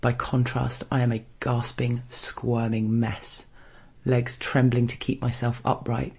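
Man reading a spicy story, hushed and measured, gravelly husky voice, pretty flat. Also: mid-range voice. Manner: hushed, measured first-person narration. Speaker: narrator. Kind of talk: scripted erotic story reading.

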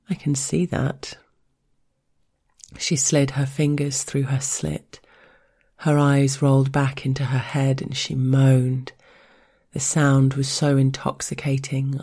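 A woman with a husky voice, narrating an intimate first-person story in a slow, stern, controlled way. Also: rumbling low, warm tone.

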